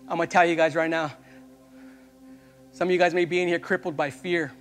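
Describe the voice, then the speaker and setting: A young male youth pastor preaches with fervor in a very high voice, often urging the listeners directly. His words ring through a reverberant church hall while soft music plays underneath. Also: fairly even intonation, brisk. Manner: impassioned preaching, repeated calls to the congregation. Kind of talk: sermon.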